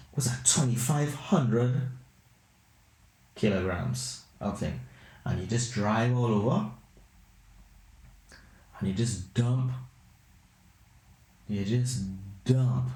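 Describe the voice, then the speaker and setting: A man hosting a podcast who tells rambling, animated comic anecdotes. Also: lowish voice. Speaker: podcast host. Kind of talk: comedic storytelling. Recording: roomy echo.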